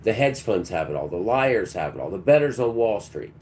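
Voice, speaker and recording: Man, low-pitched, warm dark tone, combative, preachy, livestream monologue. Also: very animated, fairly quick, a little hiss or hum. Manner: preachy and combative, talks back to chat. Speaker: livestream host.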